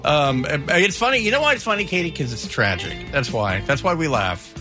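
A man's voice: on the high side, sing-song, moderate pace, music in the background. A middle-aged man hosting a radio talk show, joking wryly and restarting his sentences with stammers. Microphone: studio microphone.

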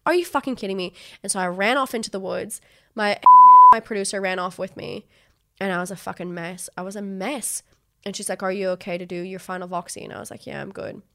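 A young woman from Australia shares a painful story as a podcast guest, speaking candidly and emotionally. She swears freely and slips into quoted voices as she retells what others said. Her pitch sits in an ordinary middle range for a woman. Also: steady tone, brisk, creaky, pushed and bright.

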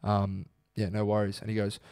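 A young Australian man co-hosting a podcast, telling a story with lively quoted voices. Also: fairly low pitch, moderate pace, clear, resonant tone, dry recording, studio quality. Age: young adult. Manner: animated storyteller acting out quotes. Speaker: podcast co-host. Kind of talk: casual podcast chat.

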